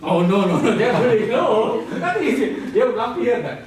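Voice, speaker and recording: A man lecturing a class, animated and quizzing students with playful asides. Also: very high-pitched, moderate pace. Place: large echoey lecture room. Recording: echoey classroom from far off, faint hiss.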